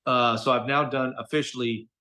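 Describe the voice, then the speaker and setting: A middle-aged man tells stories as a guest in a relaxed interview, at a pitch that is neither high nor low. He talks in an animated, chatty way and drops casual slang as he goes. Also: normal speed. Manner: animated, chatty storyteller, slangy with "dude" and "okay?". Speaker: voice actor guest.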